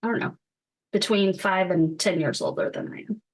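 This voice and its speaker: A woman's voice: lowish voice, very animated, moderate pace, gravelly. A woman co-hosting a podcast in casual chat, who often laughs between phrases and swears casually. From United States. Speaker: podcast co-host.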